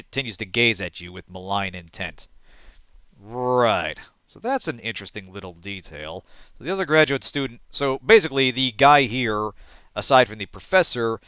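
A man hosting a let's play, reading game text aloud and thinking out loud, often trailing off and correcting himself. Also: fairly low pitch, dry recording.

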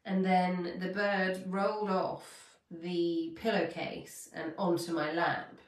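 Woman host, fairly low voice, heartfelt and rambling, echoey room with the mic set back. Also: flat delivery, slow, distant mic. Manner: heartfelt, rambling, self-correcting. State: near tears. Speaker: podcast host. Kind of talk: spiritual coaching talk.

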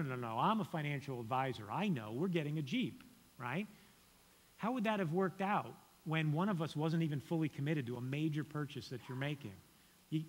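A young man preaching a sermon as a guest preacher in a conversational, earnest way that challenges his listeners. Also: a little high. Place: church sanctuary. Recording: church hall reverb.

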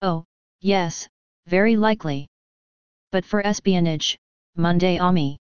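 A placid, precise older detective, as a woman reader puts him on, unhurried and faintly amused. The voice sits low and very clear in a dry, close space. The recording is dull and lo-fi, like a home audiobook. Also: no echo. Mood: calm, amused. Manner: calm, precise, gently teasing. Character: fussy elderly male Belgian detective. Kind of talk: audiobook reading.

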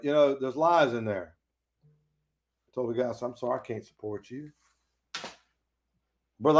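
A man teaching a Bible study in a folksy, preachy way, acting out quoted dialogue. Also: mid-range voice.

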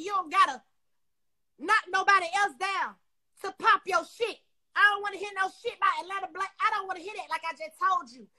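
A woman's voice: very high-pitched, pushed and bright. A woman ranting angrily on a livestream into her phone, confrontational and heavily profane. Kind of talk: angry livestream rant.

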